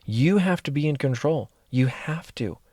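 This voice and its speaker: A man's voice: fairly high pitch, expressive, moderate pace, warm tone, no room sound, studio quality. A man coaching his listeners in a motivational monologue, speaking directly and earnestly and repeating phrases for emphasis. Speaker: life coach and mentor.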